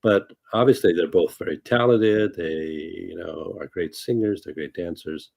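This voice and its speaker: Low husky male fortune teller. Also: unhurried, a little mellow. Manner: rambling, many fillers and asides. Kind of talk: casual livestream chat. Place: lives in California.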